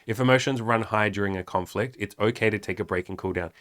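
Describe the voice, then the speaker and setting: Low-voiced young man in candid chat. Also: fast talker, fairly bright tone. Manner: candid, swears, acts out past arguments. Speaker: podcast host. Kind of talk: casual couple chat.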